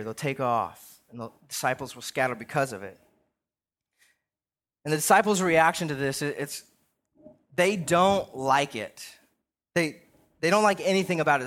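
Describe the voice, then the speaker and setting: Younger male pastor, slightly high voice, casual sermon delivery with frequent "right?" tags. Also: fairly bright tone.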